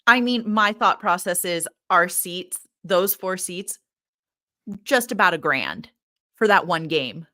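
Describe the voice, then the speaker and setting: A woman with a bright, forceful voice co-hosts a casual podcast chat. She tells her story with firm, indignant politeness. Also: on the low side, lively intonation, slow. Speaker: podcast co-host.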